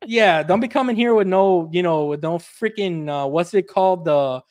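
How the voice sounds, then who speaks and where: A young man from the Miami area, a podcast guest telling stories in casual chat, animated and swearing freely as he acts out quotes. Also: high-pitched, moderate pace, no room sound.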